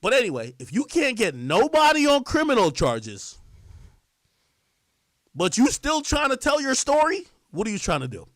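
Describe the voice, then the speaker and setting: Man, livestream monologue, high lively voice, repetitive and insistent, dry close sound. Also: no room sound. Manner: repetitive, insistent, drawn-out phrasing. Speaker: streamer in clip.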